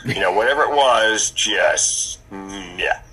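A man who is a comedian, telling stories in a casual podcast chat with an animated, punchy delivery. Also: on the low side, takes it slowly, husky, soft background music, rough recording. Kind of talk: casual storytelling.

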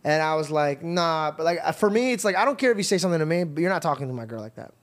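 A man hosting a podcast, telling stories in a lively, animated way with casual swearing. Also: on the high side, racing. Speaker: podcast host. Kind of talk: casual chat.

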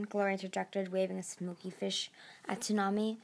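A woman hosting a podcast and reading a novel chapter aloud at a steady pace, with occasional restarts. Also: mid-range voice, moderate pace, vocal fry, slight background noise. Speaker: podcast host reading a book. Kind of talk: storybook read-aloud.

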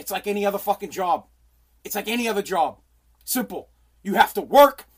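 A man's voice: sits high, animated, brisk, breathy edge. A man, a radio personality, venting in a profane, exasperated ranting monologue, circling back and repeating himself.

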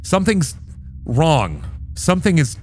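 A reluctant childlike arbiter, voiced by a man running a tabletop game, pitched above his normal voice. It stammers and sounds overwhelmed, eager to ask its questions and be done. Its pitch swings widely as it talks. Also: big pitch swings, a little slow, a little mellow. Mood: urgent. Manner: hesitant, fed up, stammering. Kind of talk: tabletop role-play voicing.

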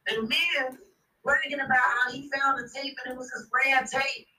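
High-voiced, blunt, profane woman storyteller. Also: normal speed, far from the mic, poor audio. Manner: blunt, animated, swears constantly. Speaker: podcast guest.

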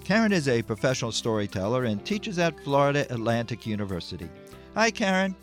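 A man's voice: medium pitch, big pitch swings, a little fast, faint music behind. A man hosting a storytelling show, introducing his guest. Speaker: host.

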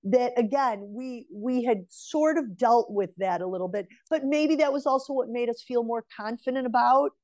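A woman in her forties, appearing as an interview guest and relationship mentor, tells a personal story and offers earnest advice directly to women listeners in a casual, conversational way. Her voice is on the high side with a darkish tone, at a normal speed with few pauses.

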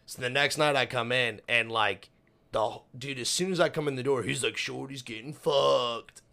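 Young male podcast co-host, blunt, swears constantly, casual storyteller, mid-pitched voice. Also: moderate pace, sharp tone. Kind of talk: casual profane chat.

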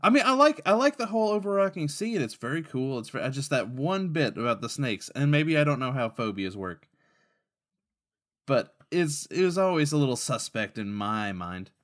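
A man running a tabletop role-playing game as game master, talking in a casual, halting way with frequent self-corrections. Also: mid-range voice, sing-song, fairly bright tone.

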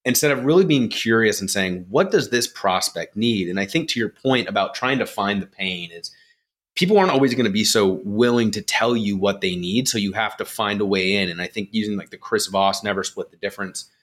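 A man's voice: fairly low pitch, a little fast. A man speaking as a guest on a podcast in casual conversation, reflective and often ending points with "right?". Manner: reflective, drops quieter when musing, frequent "right?" tags. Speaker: podcast guest, company co-founder.

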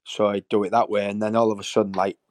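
A man's voice: lowish voice, level tone, fast talker, a little mellow, no room sound. A man, a former footballer telling stories in a rambling, emotional way. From Hull, England. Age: 50s. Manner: rambling, repeats words, emotional. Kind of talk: casual storytelling interview.

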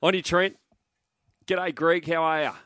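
A man's voice: fairly high pitch, steady tone, normal speed, fairly bright tone, no echo, studio quality. An Australian man hosting sports radio, taking calls in an easygoing, casual way. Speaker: radio host. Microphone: studio mic.

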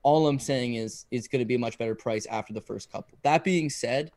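A man's voice: medium pitch, fairly quick, darkish tone, no room sound. Emphatic man breaking down fights, dry sound. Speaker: co-host, fight analyst. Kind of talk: casual podcast chat making betting picks.

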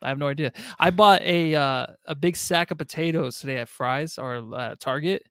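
A man with a slightly high voice talks sports in a relaxed way, laughing and cursing freely. The sound is dry and close to the mic. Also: moderate pace, clear, resonant tone, dry recording. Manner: laid-back, laughing, swearing. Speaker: podcast co-host. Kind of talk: casual sports podcast chat.

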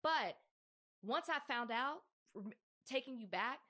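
A woman co-hosting a podcast, telling stories in an animated, emphatic casual chat. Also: high voice, a little slow. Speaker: podcast co-host.

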